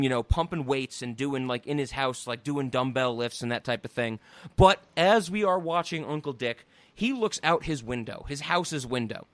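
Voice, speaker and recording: A man hosting a podcast, retelling a comedy film in an animated, incredulous way. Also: a little high, no room sound. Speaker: podcast host. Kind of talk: casual chat.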